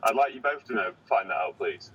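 A lower-voiced man with a lively, bright tone asks dry, mock-formal questions, like a pretend press conference. He sits a bit away from the mic, and the sound is muffled, with faint car noise. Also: a little fast, slightly rough. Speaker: podcast co-host asking questions. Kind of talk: casual banter, mock interviewer. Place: inside a moving car. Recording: dull, distant car recording.

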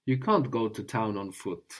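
A man's voice: fairly low pitch, lively intonation, normal speed. A man teaching a language lesson patiently, often checking in with a questioning "no?".

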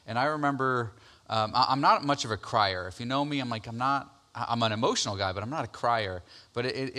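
A man in his thirties, a pastor, giving a conversational personal testimony sermon, full of fillers and repeated words, getting loud and excited as he retells his story. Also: mid-range voice.

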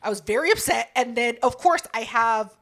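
Profane, animated young woman co-host. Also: a little high, normal speed. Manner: blunt, profane, dramatic retelling. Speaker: podcast co-host. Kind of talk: casual chat.

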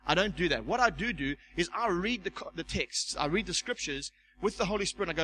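A man preaching a sermon as pastor, animated, stumbling over repeated words and acting out the voices he quotes. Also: on the high side, fast, slight background noise, low-quality recording. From South Africa.

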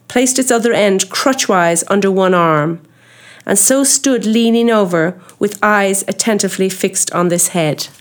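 A woman reading a classic novel aloud as an audiobook, measured and expressive with ornate old prose. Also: medium pitch. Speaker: audiobook reader. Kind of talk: literary audiobook narration.

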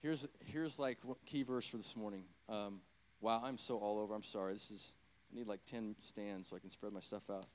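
A man's voice: lowish voice, fairly even intonation, normal speed. A middle-aged man, a former pastor, preaching a conversational sermon and telling a personal story, rambling with self-deprecating, apologetic asides.

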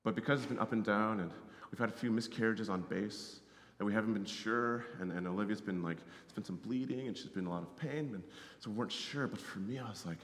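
A man preaching a sermon as a missionary, in a conversational way, often checking in with "right?" and swinging from loud to hushed. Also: on the low side, quick pace, hardly any pauses. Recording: roomy hall reverb.

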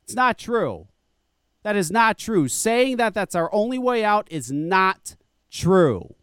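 A man with a high, swooping voice tears into his critics in an angry, profane rant. The sound is close and dry, with no room around it. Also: very animated, slow pace, fairly bright tone, smooth, dry recording. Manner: angry, profane ranting with mocking quoted voices. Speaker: live show host. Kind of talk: profane ranting talk show.

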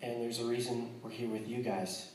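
An American man shares his testimony with a congregation, earnest but quick to joke, often restarting his sentences. He sounds set back from the mic, in a hall with heavy echo. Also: mid-range voice, flat delivery, darkish tone, distant mic, slight background noise. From United States. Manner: earnest and joking, with frequent restarts. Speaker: missionary speaking to a church.

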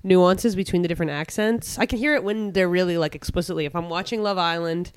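A man co-hosting a podcast in casual chat, animated, laughing a lot and reacting quickly. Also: high-pitched, clean tone, no room sound. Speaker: podcast co-host.

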